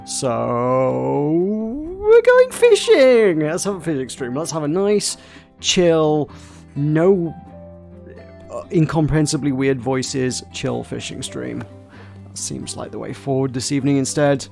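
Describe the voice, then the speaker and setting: Gravelly, chatty man streaming a game. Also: mid-range voice, a little slow, a little mellow, soft background music. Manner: chatty, playful, talks along with his play. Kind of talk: casual live-stream commentary.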